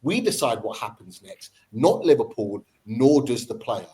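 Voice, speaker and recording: A man's voice: mid-range voice, very animated, normal speed, mellow, low-quality recording. A man hosting a football fan podcast, debating with passion and repeating his points for emphasis.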